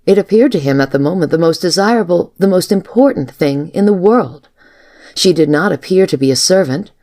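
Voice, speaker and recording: A woman narrating a storybook in a measured, even reading style. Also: lowish voice. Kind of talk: audiobook narration.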